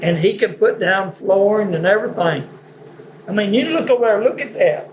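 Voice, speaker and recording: A man, telling stories in a casual interview in a rambling, halting, folksy way. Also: high voice, expressive, slight background noise. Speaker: interviewee, stepfather.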